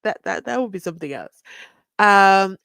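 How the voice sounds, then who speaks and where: A woman's voice: mid-range voice, lively intonation, moderate pace, vocal fry, a bit bright, clear, resonant tone, no echo. A woman, hosting a live stream, reading viewer comments and acting out the people she quotes with sarcasm. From South Africa.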